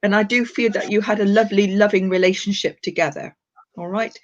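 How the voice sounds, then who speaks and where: A woman's voice: mid-range voice, fairly quick. Older woman, psychic medium, affectionate endearments, muffled lo-fi stream sound. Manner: affectionate, calls people darling and sweetheart. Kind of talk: live-stream reading and chat. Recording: dull lo-fi live stream audio.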